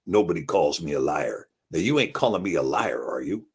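A man's voice: medium pitch, animated, moderate pace. A man reading aloud and voicing a boastful, menacing cowboy prospector with a drawl. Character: gruff flamboyant male cowboy prospector.

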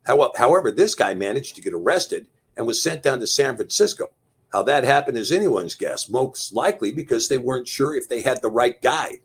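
A man's voice: mid-range voice, lively intonation, a little fast, breathy edge. A man reading a novel aloud as narrator, telling it plainly and lightly voicing the dialogue. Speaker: audiobook narrator. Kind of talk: scripted narration.

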